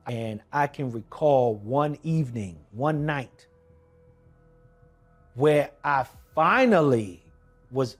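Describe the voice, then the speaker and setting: A man's voice: mid-range voice, a little mellow. A man who is a kidney transplant recipient, telling his personal testimony in an emphatic, conversational way with slang asides.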